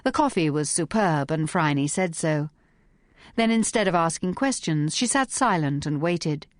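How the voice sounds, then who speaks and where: A woman narrating an audiobook in a measured, even reading voice. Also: deep voice, no echo, studio quality. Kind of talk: scripted narration.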